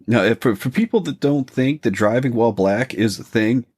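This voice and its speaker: A man's voice: mid-range voice, moderate pace, darkish tone, slightly rough. A man co-hosting a podcast, telling rambling, profane stories in a laid-back casual chat. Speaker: podcast co-host.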